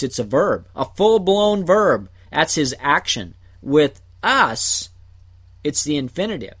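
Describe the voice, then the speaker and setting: A man teaching a Bible passage verse by verse, explaining Greek words in short, deliberate phrases. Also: on the high side, fairly bright tone. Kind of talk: slow verse-by-verse Greek word study.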